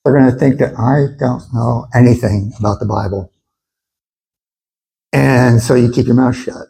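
A man preaching a sermon in an animated way, acting out the voices of his listeners as he goes. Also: mid-range voice, measured pace, creaky, poor audio. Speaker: pastor.

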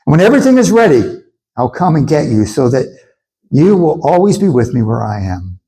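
A man preaching a sermon in an animated way, acting out the voices of his listeners as he goes. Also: fairly high pitch, moderate pace, poor audio. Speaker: pastor.

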